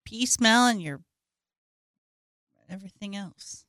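A woman's voice: medium pitch, slow pace, fairly bright tone, no room sound. A woman co-host drops short, blunt remarks into a casual podcast chat. Her voice sits in a middle range and sounds close and dry.

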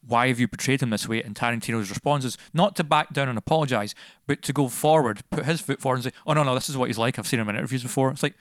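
A man's voice: mid-range voice, racing, hardly any pauses, no echo, studio quality. A man co-hosting a film podcast, talking indignantly and swearing when angry. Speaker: podcast co-host. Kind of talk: casual film review chat.

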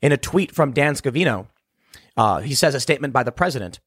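A man from Chicago hosting solo political commentary, reading the news aloud and breaking off into rapid, emphatic remarks that often repeat words. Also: medium pitch, expressive, a bit bright, husky, no echo, clean studio sound. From South Side of Chicago.

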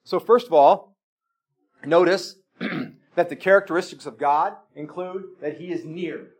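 A man's voice: fairly high pitch, a little slow, breathy edge. A man preaching a sermon in a church, plain-spoken and earnest, asking his listeners pointed questions. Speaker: pastor.

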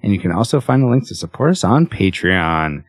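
A man's voice: deep voice, sing-song, fairly quick, no echo, clean studio sound. A man hosting a podcast, chatting casually and laughing often. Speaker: podcast host.

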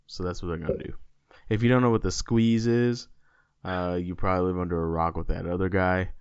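A man with a lowish voice, co-hosting a casual podcast and chatting in a loose, joking, rambling way. The recording is dry and a little dull. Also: smooth, no room sound. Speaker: podcast co-host. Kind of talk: casual chat.

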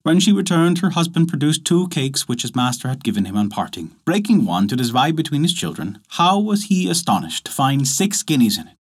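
A man narrating a folk tale in an expressive, storybook manner. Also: fairly high pitch, fairly quick, hardly any pauses.

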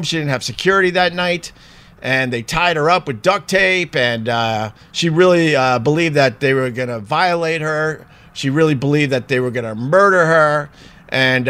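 High-voiced man chatting casually. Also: a bit bright. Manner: rambling and chatty, many fillers. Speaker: vlogger. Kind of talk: casual commentary.

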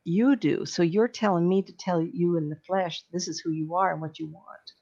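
An older woman with a gravelly, creaky voice talks earnestly and rambles along, stopping often for an um before she finds her point. The recording sounds dull and lo-fi. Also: on the low side, steady tone, moderate pace, a little mellow. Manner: earnest, rambling storyteller with frequent ums and restarts. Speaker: psychic medium. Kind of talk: casual reflective monologue.

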